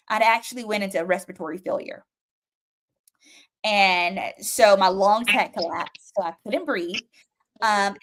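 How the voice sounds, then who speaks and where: A woman's voice: mid-range voice, fairly bright tone. A young adult woman giving an emotional personal testimony as a talk show guest, acting out frantic voices and pleas as she tells it. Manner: emotional, vivid storytelling with acted-out pleas. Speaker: guest telling her story.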